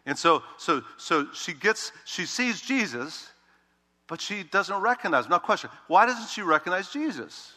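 A male pastor preaching a sermon, telling the story with animated emphasis that swings between loud, urgent lines and hushed, quiet ones. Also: high-pitched, normal speed. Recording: long reverb of a large hall.

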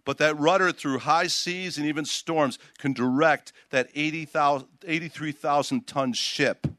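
Bright-voiced older pastor preaching. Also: male voice, on the high side, a little slow, no room sound. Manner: animated preaching, reading scripture aloud with emphasis. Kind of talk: sermon. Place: outdoors.

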